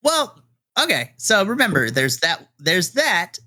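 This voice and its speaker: A man's voice: sits high, wildly swooping pitch, measured pace, pushed and bright. A man running a tabletop game as game master, laughing often and rambling. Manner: giggly, rambling.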